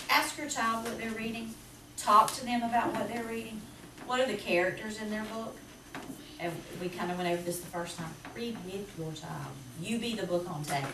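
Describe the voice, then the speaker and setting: A woman teacher with a Southern US accent, talking to parents about reading in a chatty, lively way. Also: fairly low pitch. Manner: chatty, lively, quick to laugh. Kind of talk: presentation to parents. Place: school classroom. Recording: roomy, distant, noisy classroom recording.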